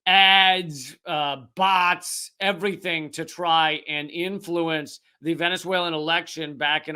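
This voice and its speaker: A man's voice: on the high side, bright, forceful tone, clear, resonant tone. A man hosting a comedic political commentary show, talking to camera in a sarcastic, profane monologue with rambling asides.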